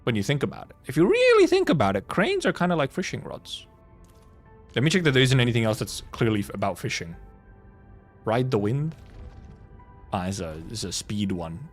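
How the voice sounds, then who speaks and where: A young man streaming a video game, thinking out loud with playful, swearing, laughing casual commentary. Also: mid-range voice, animated, moderate pace, long pauses, soft background music.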